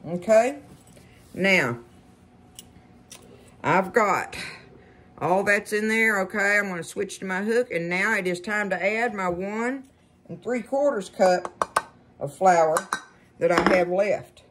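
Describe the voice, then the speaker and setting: A woman's voice: mid-range voice, takes it slowly, pauses often, a bit bright, a little hiss or hum. A woman hosting a casual home cooking demonstration in her kitchen, chatting folksily and calling her viewers y'all. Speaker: cooking show host.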